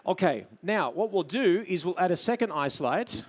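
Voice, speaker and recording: Man, Australian accent, slightly raised pitch, live camera demo, chatty explanations, quiet praise to a model. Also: expressive, normal speed. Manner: coaxing a model with soft murmured praise between explanations. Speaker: photography presenter. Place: studio demo before an audience.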